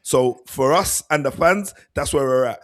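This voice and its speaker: A man, co-hosting a football podcast in casual chat on a video call, relaxed and chatty. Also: medium pitch, moderate pace. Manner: laid-back, chatty, uses "mate" and "bruv". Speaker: podcast co-host, football pundit.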